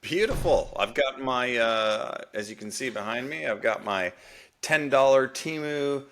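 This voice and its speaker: A man's voice: medium pitch, unhurried, fairly bright tone, a little hiss or hum. An Australian man co-hosting a casual sports podcast over a video call, self-mocking and giggly, often tripping over restarts. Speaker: podcast co-host.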